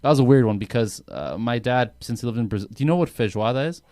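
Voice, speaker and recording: A man's voice: medium pitch, lively intonation, fast, mellow, no room sound, clean studio sound. A young man co-hosting a casual podcast, telling rambling stories with plenty of swearing. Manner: rambling storytelling, heavy swearing. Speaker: podcast co-host. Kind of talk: casual chat.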